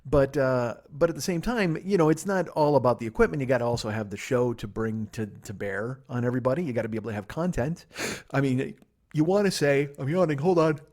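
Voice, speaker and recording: Speaking into a laptop microphone in his living room, a middle-aged podcast host from Chicago rushes through a solo monologue, cursing freely and making fun of himself. His medium-pitched voice has a slightly mellow quality, and he keeps suppressing yawns between rambling stretches.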